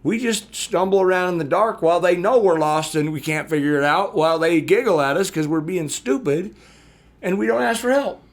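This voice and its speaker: Impassioned man addressing podcast listeners. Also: fairly quick. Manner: impassioned, addresses listeners directly, rises in pitch when animated. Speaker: podcast co-host. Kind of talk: podcast conversation.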